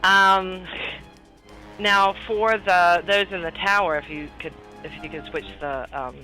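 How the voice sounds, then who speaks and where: A man's voice: high voice, fairly even intonation, measured pace, pushed and bright, faint music behind, low-quality recording. A man playing a tabletop game, narrating his character's actions in a rambling way, full of fillers. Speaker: player.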